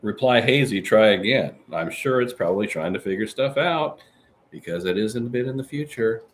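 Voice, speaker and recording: A man's voice: fairly quick, slight background noise. A man hosting a live-stream podcast, chatting casually and rambling as he reads out viewer comments. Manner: chatty, rambling, animated swings in pitch. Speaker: livestream podcast host.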